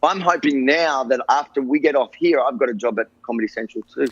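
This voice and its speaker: Husky Australian man on a muffled call. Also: mid-range voice, fairly quick. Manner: earnest, rambling, many restarts. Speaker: interview guest. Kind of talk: casual interview chat.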